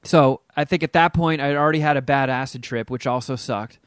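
A middle-aged man casually telling a story on a podcast, animated and acting out the people he quotes. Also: brisk, clean tone, no echo, studio quality. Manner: animated, acts out quotes with big pitch jumps.

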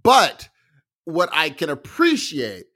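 A man co-hosting a podcast, chatting casually and telling animated stories, acting out what other people said. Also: fairly high pitch, takes it slowly. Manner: animated storytelling, acts out quoted voices. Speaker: podcast co-host. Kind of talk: casual chat.

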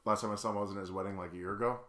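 A man's voice: on the low side, rapid-fire, echoey room. A man co-hosting a podcast, telling casual stories animatedly and laughing along. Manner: animated, laughs through his own stories. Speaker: podcast co-host. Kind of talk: casual chat, storytelling.

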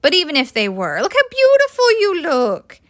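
A woman's voice: high voice, wildly swooping pitch, moderate pace, fairly bright tone, no room sound, pitched above the performer's own voice, heavily acted. A woman reading the part of a nervous young new father who stammers and hesitates, in an audiobook. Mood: fumbling.

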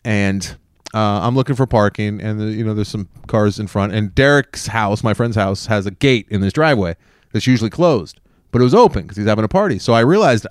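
A podcast host from the Los Angeles area in California tells a story in casual conversation, animated and full of fillers like "like" and "uh." His voice is lowish and fairly quick, captured as clean studio sound with no echo.

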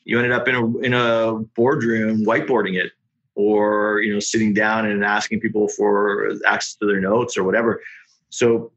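Low-voiced man, founder telling his story. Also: flat delivery, moderate pace, a bit bright. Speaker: startup founder. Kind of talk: casual podcast interview. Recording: dull lo-fi sound.

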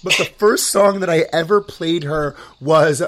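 A man's voice: on the high side, measured pace. Gushing, rambling male podcast host. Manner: rambling, filler-heavy, loads of "like"; excitable, gushing. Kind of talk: casual chat.

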